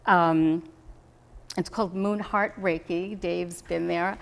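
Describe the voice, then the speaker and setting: A woman's voice: on the low side, steady tone, slow pace, vocal fry. Woman minister, conversational sermon, chatty storyteller who laughs often. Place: spiritual center meeting room. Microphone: hidden mic.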